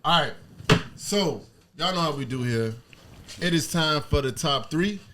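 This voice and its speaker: Podcast host, male, casual and swearing, lively intonation. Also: on the high side, a little slow, background noise. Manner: laid-back, profane, laughs often. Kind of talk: casual chat.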